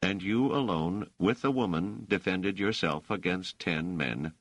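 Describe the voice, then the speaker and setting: A man voicing a stern police officer who questions suspects in a flat, probing, faintly sarcastic way. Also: low-pitched, unhurried, dry recording, voice pushed up. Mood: interrogating. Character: stern male police officer, coolly interrogating.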